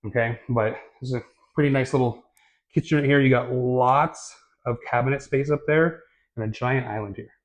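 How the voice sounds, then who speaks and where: A man giving a casual walkthrough of a new house as a real estate vlogger, talking in a relaxed, chatty way with lots of fillers, recorded on a handheld camera mic while walking through the rooms. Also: medium pitch, moderate pace. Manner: chatty and relaxed, filler-heavy, self-correcting. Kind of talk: casual home tour walkthrough.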